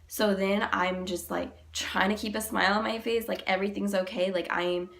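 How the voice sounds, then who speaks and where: A young woman vlogger, sick and deeper-voiced than usual, retelling a personal story in a halting, emotional way, full of "like". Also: steady tone, vocal fry, fairly bright tone.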